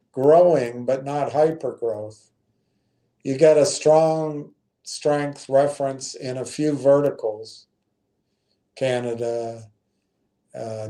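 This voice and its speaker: Male stream host, casual investing talk, mellow low-key tone, slow and hesitant, plenty of ums. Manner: unhurried, thinking aloud with frequent ums and self-corrections.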